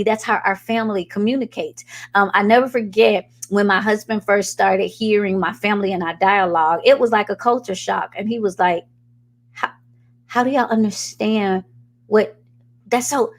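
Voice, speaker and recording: A middle-aged woman preacher giving an animated, sermon-style teaching, addressing the congregation directly. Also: medium pitch. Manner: animated, call-and-response preaching.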